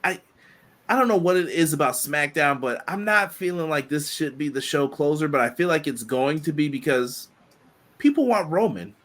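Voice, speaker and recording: A man co-hosting a casual wrestling podcast, talking in an animated way. He laughs often and teases his co-host playfully, in relaxed, conversational delivery. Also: fairly high pitch, normal speed.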